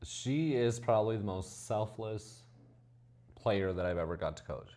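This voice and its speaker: A man's voice: lowish voice, unhurried, dark tone. A man speaking as a college volleyball head coach, talking enthusiastically and casually about his players. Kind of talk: casual interview.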